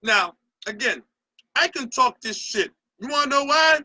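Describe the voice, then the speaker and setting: A middle-aged Barbadian man holds forth on his opinion show in a very high, sharply bright voice. He talks with heated, emphatic passion and a lot of cursing. The sound is bone dry, with no room echo at all. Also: lively intonation, measured pace. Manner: passionate, profane, emphatic ranting. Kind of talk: opinion rant to camera.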